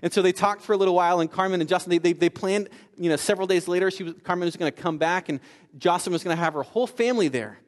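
A man's voice: sits high, rapid-fire. Pastor guy giving a sermon, stumbles and repeats, big reverb church hall. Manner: animated storytelling with frequent repetitions.

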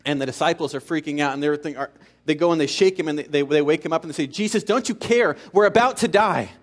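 Male pastor, sermon delivery, slightly high pitch, rises to emphatic passages then drops quiet. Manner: repeats key phrases for emphasis.

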